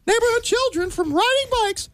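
A radio host doing a Mickey Mouse impression: a squeaky cartoon mouse reading news headlines and giggling between words. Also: expressive, brisk, very noisy. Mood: giggly.

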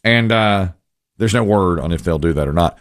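A man's voice: low-pitched, moderate pace, dry recording, clean studio sound. A middle-aged man hosting a casual talk show, chatty and rambling with wry asides. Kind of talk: casual radio-style chat.

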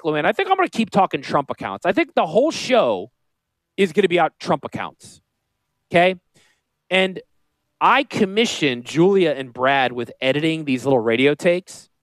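A man with a northern US accent hosting a radio show, talking in a high-pitched voice, joking and rambling off on tangents. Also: dry recording. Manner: animated, joking, goes off on tangents. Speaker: radio show host and financial planner.

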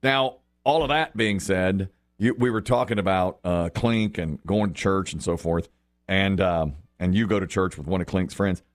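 Speaking low and at a moderate pace, a middle-aged radio host keeps up casual on-air chat. He's an animated storyteller who performs the voices of whoever he's quoting.

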